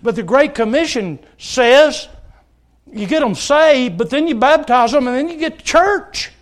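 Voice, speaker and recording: A middle-aged male preacher with a notably high voice delivers a sermon in church. He talks in an earnest, pleading way, telling stories and urging his listeners directly. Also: expressive, a little slow. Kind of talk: sermon with altar call. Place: church service.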